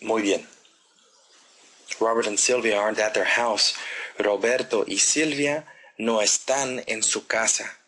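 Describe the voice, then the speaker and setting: A man teaching a grammar lesson, talking slowly and deliberately and pausing for the listener to repeat after him. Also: fairly low pitch, steady tone, bright, forceful tone, poor audio. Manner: slow, deliberate drilling with pauses for repetition. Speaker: Spanish teacher.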